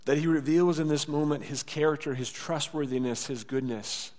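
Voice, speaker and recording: A man preaching a sermon in a casual, conversational way. He acts out quoted lines and drops to a soft voice for tender words. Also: a little high, moderate pace. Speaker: pastor. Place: church sanctuary. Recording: church hall with long reverb.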